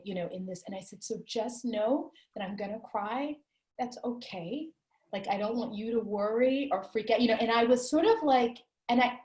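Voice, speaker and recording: A woman with a slightly mellow voice on the high side is interviewed as a guest author. In this candid conversation she relates a personal story with earnest reflection, and the space sounds echoey.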